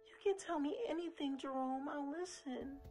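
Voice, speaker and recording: A man's voice: extremely high pitch, moderate pace, a little mellow, faint music behind. A man doing a swooning movie heroine. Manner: breathy, sighing, drawn out. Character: swooning lovestruck woman in a cheesy movie.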